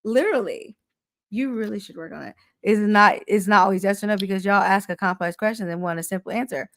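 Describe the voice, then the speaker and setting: A woman's voice: mid-range voice, a little fast. A woman co-hosting a casual chat, blunt and exasperated, swearing freely as she presses her point.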